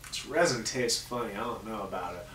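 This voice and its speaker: A man's voice: on the low side, a little fast, roomy sound, distant mic, background noise. A man hosting a comedy show, telling crude jokes in a casual, swearing monologue. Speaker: host.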